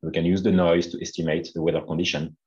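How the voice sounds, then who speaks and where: A man's voice: low voice, level tone, quick pace, a little mellow. A man with a French accent, a non-native English speaker, giving a seminar talk with many hesitant fillers over a video call. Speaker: guest speaker. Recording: dull lo-fi video call audio.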